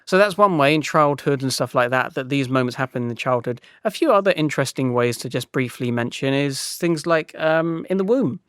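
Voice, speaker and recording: A man's voice: medium pitch, expressive, a little fast, hardly any pauses, a bit bright, clear, resonant tone, no room sound, studio quality. A young man hosting a solo podcast, rambling and self-mocking with many restarts as he reflects aloud. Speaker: podcast host.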